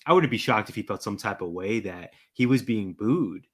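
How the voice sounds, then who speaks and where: Low-voiced man co-hosting a podcast. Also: expressive, normal speed, slightly rough. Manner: emphatic, admiring. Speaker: podcast co-host. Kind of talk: casual podcast chat.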